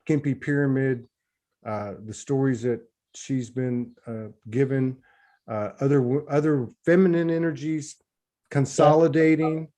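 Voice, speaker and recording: A man of ordinary pitch hosts a casual spiritual conversation, heard over a video call. He rambles, stumbles and repeats little words before finding his point. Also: steady tone, a little slow, dark tone. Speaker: host.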